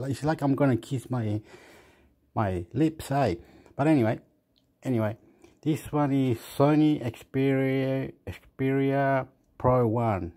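A man from Australia who talks slowly and haltingly, thinking out loud as he goes. He wanders between thoughts, chuckles at himself, and keeps circling back on what he means to say. His voice sits at a middling pitch. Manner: rambling, thinking aloud, self-deprecating. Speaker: vlogger. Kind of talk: casual phone review.

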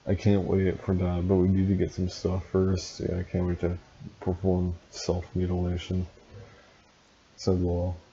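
Deep, flat-voiced deadpan man. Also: a little slow, dull audio. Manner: deadpan, dryly mocking. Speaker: reader and commentator. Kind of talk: comedic reading with sarcastic asides.

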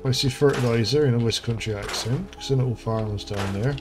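A man's voice: on the low side, a little fast. A man, hosting a casual gameplay commentary, chatty and rambling, with lots of fillers and asides. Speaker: gaming channel host. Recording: music playing underneath.

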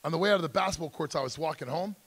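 A man's voice: a little high, racing, a bit bright. A middle-aged man speaking at a school drug seminar, telling his life story with intensity and acting out the voices of people in it. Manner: acts out quoted voices, emphatic, intense. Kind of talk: personal storytelling talk.

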